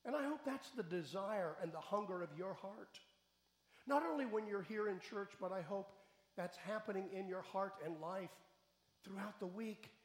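A man's voice: high voice, normal speed, roomy sound, big-room sound. A male pastor giving a sermon in a church, speaking earnestly and building to raised, emphatic questions. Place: church sanctuary.

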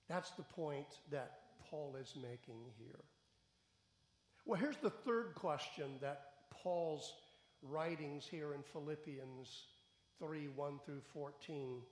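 Man pastor, slow deliberate sermon delivery, slightly high voice, roomy church echo. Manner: earnest, builds to raised emphatic questions. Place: church sanctuary.

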